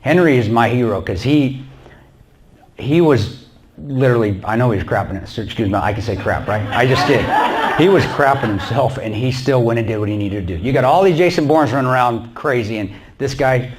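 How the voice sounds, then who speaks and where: A man giving a storytelling talk to an audience in a church. He is animated, acts out the dialogue and laughs often. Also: mid-range voice, a little fast, background noise. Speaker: guest speaker.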